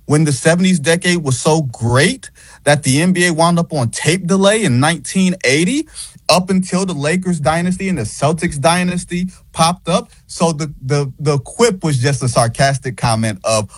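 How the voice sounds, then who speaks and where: A man talks basketball as a guest, husky and sarcastic. He pushes back with emphasis. The sound is dry and close. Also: fairly high pitch, moderate pace, no room sound. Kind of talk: casual radio interview.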